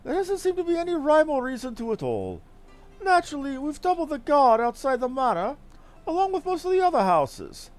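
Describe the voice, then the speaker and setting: A breezy, foppish aristocrat chatters in a lofty, sing-song voice, as a man reads him out. The tone swoops high and low, all airy theatrics and upper-crust lilt. It is a game character brought to life by a streamer reading the dialogue. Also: huge pitch swings, a little fast, heavily acted.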